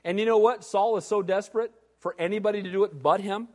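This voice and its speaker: High-voiced preacher in a reverberant hall. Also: male voice, fast talker, hardly any pauses. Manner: animated preaching, acting out biblical voices. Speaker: pastor. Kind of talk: sermon.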